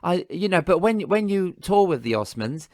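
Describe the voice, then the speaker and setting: A man's voice: high voice, sing-song, moderate pace, a little mellow, no echo, clean studio sound. A man hosting a casual chat, friendly, with stammering restarts. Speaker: host.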